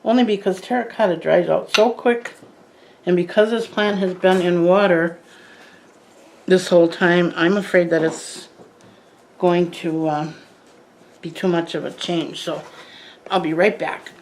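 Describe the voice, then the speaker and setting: A woman's voice: lowish voice, fairly even intonation, unhurried, pauses often, a little hiss or hum, low-quality recording. An older woman chatting casually to the camera as a plant vlogger, rambling with lots of asides and self-corrections.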